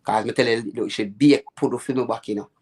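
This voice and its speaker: Jamaican man, live chat host, animated patois storyteller, mid-pitched voice. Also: fast. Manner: lively patois storytelling, quotes people in raised voice.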